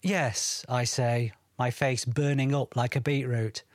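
A man's voice: mid-range voice, little pitch movement, unhurried, a little mellow, no room sound, studio quality. A man narrating a first-person story, wry and reflective.

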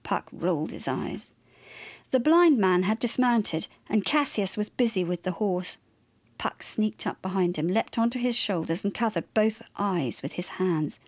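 A woman narrating a children's story in a lively, expressive way. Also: mid-range voice, a little slow, dry recording.

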